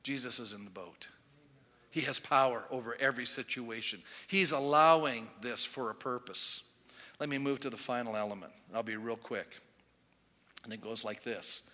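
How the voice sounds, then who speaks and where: Male pastor, animated storyteller, forceful bright tone, long hall reverb. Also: medium pitch, normal speed. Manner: animated storytelling, acting out quoted voices. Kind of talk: sermon.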